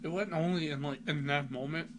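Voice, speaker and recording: A man co-hosting a casual podcast chats in a fairly high, steady voice at a fairly quick clip, enthusiastic and rambling, with "like" scattered everywhere. The home recording is noisy.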